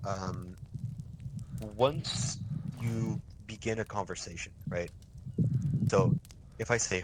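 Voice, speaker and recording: A man's voice: lowish voice, steady tone, slow, long pauses, very noisy. A young man running a casual milsim signals training, talking loosely and swearing, with many restarts. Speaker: milsim instructor.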